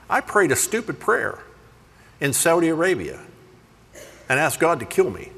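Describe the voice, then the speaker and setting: A man preaching a sermon, telling funny stories in an animated, self-deprecating way. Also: a little high, moderate pace, vocal fry, long pauses, slightly rough, in a large hall. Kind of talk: humorous sermon storytelling.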